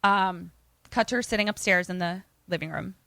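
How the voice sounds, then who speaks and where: A woman co-hosting a podcast, casually retelling a film plot in an animated way and acting out the characters' lines. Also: on the low side, moderate pace, vocal fry, no echo. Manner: animated, acts out quoted lines. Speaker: podcast co-host.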